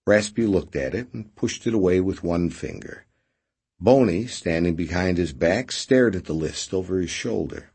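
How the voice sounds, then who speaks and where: A man narrating a story in a measured, expressive way. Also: low voice, breathy edge. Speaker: audiobook narrator. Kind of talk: scripted narration.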